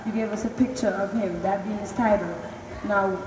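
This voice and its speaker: A woman in the audience putting a question to the speaker, halting and careful as she thinks aloud. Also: mid-range voice, steady tone. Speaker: audience member asking a question. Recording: distant, echoey room with noise.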